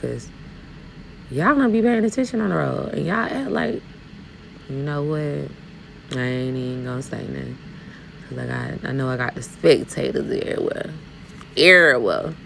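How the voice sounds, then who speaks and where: Southern woman trucker, sassy vlog chat, heavy vocal fry, faint road noise in the cab. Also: low-pitched, lively intonation, moderate pace, a bit bright, rough recording. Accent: Southern US, Alabama. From Alabama, US. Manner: talkative, sassy, addresses viewers as y'all. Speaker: truck driver vlogger. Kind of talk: casual chatty vlog while driving. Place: inside a truck cab while driving.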